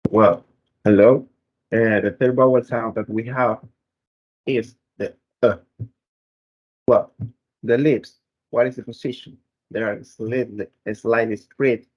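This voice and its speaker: A man talks through a class presentation on pronunciation at an unhurried pace. His voice sits at an ordinary middle pitch. He explains step by step and often restarts a phrase before going on. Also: rough recording. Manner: slow, careful explaining with frequent restarts. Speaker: student presenter.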